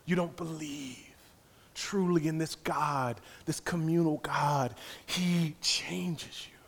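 A man preaching a sermon in repeated rhythmic phrases, swinging from hushed near-whispers to loud impassioned cries. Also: a little high, steady tone, slow, creaky. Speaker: pastor.

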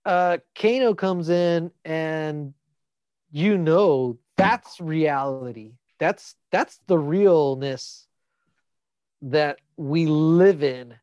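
A man chatting casually about a movie, expressive and profane, thinking aloud. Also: on the high side, drawn-out words, dry recording.

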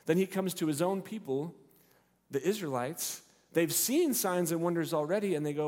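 Slightly high-voiced preacher in a reverberant hall. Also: male voice, moderate pace. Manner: expressive storytelling, acts out the characters' lines. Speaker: pastor. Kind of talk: sermon.

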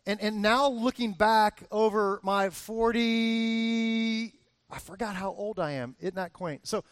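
A man's voice: sits high, slow, no echo. A man in his forties preaching a casual, conversational sermon that rises into emphatic bursts. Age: 40s. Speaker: pastor.

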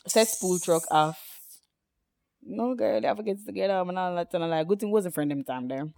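A woman co-hosting a podcast in casual chat, chiming in with quick teasing remarks. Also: on the low side, mellow. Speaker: podcast co-host.

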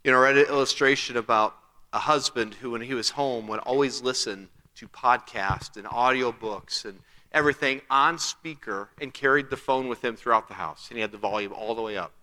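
A pastor preaches a sermon conversationally, asking rhetorical questions and acting out quotes. His voice is medium-pitched, fairly quick and sharp in tone, recorded with long hall reverb.

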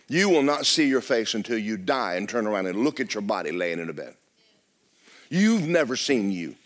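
A middle-aged male pastor, preaching loudly and with life, often dropping to a hush. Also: mid-range voice. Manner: loud, lively preaching with sudden drops to a hush. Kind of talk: sermon. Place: church.

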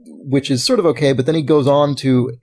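A man's voice: medium pitch, steady tone, a little fast, darkish tone. A man hosting a casual podcast, reading listener submissions aloud with frequent laughter. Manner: amused, reads names aloud, laughs often.

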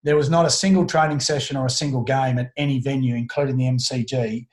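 In an interview recorded with a roomy echo, a middle-aged Australian guest tells a personal story. His mid-range voice holds a steady tone, though he's earnest and halting, often restarting sentences.

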